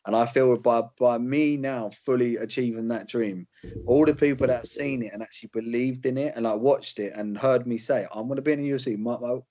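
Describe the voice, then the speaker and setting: A man's voice: mid-range voice, fairly even intonation, a little fast, dark tone, dull audio, slight background noise. A young British man, a fighter, chatting casually in an interview, rambling with slang and fillers. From Britain. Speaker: UFC fighter guest.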